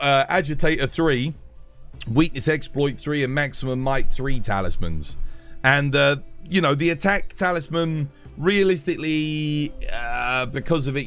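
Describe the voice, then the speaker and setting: A man with a London accent, talking with viewers on a live game stream. His voice swings up and down in pitch as he rambles emphatically through his points, with faint music playing softly underneath. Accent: London English. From England. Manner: emphatic and rambling, with frequent restarts.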